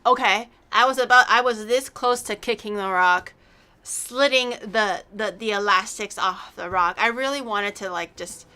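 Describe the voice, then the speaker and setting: A woman streamer chatting casually on a livestream, rambling excitably and swearing freely. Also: mid-range voice, moderate pace, smooth.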